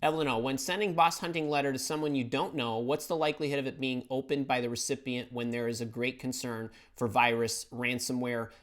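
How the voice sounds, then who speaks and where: A man's voice: medium pitch, steady tone, a little fast, few pauses, fairly bright tone. A middle-aged man hosts a live question-and-answer stream, answering viewers off the cuff. He is blunt and emphatic, doubling back on words to stress a point. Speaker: career advice host answering viewer questions. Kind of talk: live-stream Q&A, casual and opinionated.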